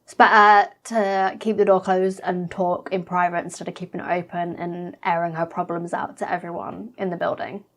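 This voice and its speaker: A woman's voice: lowish voice, flat delivery, moderate pace, hardly any pauses, a bit bright, a little hiss or hum. A woman reacting to a reality TV episode in a blunt, chatty way, swearing freely. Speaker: reaction vlogger.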